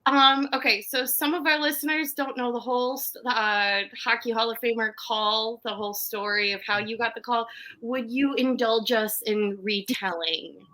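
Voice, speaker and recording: A woman's voice: a little high, moderate pace, sharp tone. A woman hosting a podcast, asking a guest a question hesitantly, with fillers and restarts. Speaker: podcast host. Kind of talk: casual podcast interviewing.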